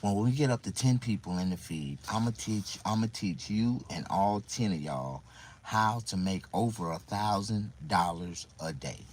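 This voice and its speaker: A man's voice: lowish voice, expressive, moderate pace, a little hiss or hum, low-quality recording. A man talking casually to viewers on a livestream, rambling and repeating himself in mock confusion.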